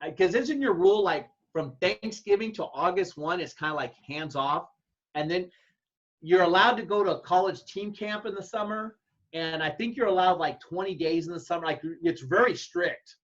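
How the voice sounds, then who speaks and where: A man, a football coach, giving blunt, folksy advice to other coaches and acting out his own yelled calls. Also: high-pitched, normal speed. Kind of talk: casual advice talk to coaches. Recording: dull lo-fi sound.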